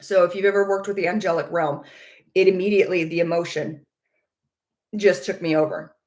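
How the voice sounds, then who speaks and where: A woman's voice: fairly low pitch, fairly even intonation, brisk, a little mellow. A woman casually telling viewers about a personal experience. She speaks earnestly, searches for words and repeats phrases as she goes. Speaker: vlogger.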